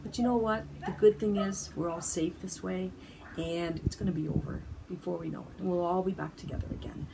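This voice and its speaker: A woman's voice: lowish voice, steady tone, gravelly, background noise. Grandmother talking from her sunroom. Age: older. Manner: warm storyteller, halting with restarts. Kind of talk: heartfelt devotional talk. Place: home sunroom.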